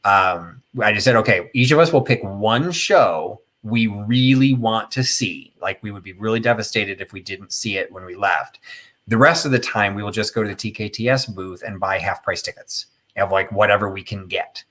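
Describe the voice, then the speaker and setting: A man's voice: fairly low pitch, normal speed, fairly bright tone. A middle-aged man hosting a casual live chat, telling a rambling, opinionated story full of fillers and tangents. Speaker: host of a live chat stream.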